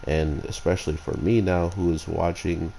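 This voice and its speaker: A man's voice: sits low, steady tone, moderate pace, gravelly, warm tone, a little hiss or hum, poor audio. A man giving a casual, rambling spoken review as an anime reviewer, drifting from point to point. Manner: rambling, digressive.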